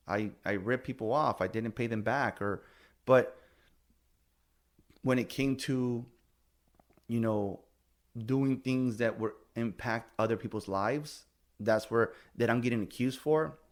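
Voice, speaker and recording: A middle-aged man talks in loose, heated chat, swearing often and pushing back hard as he vents. His voice sits at an ordinary middle pitch for a man. He is blunt and defensive, and he repeats himself when worked up. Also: unhurried, long pauses. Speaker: podcast host. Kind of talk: casual chat.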